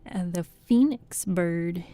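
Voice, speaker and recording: Woman bedtime reader, soft-spoken, very slow, deep mellow tone. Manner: soft-spoken, rambling between readings. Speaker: storytelling streamer. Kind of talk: soft bedtime reading and chat.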